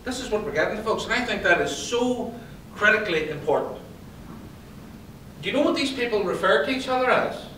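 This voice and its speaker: A man's voice: high-pitched, a little fast, slight background noise. Man speaking in a roomy hall. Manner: lively storyteller, quizzes the audience. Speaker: conference speaker and psychologist. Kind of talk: motivational talk to an audience. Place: event hall. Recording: roomy hall, distant pickup.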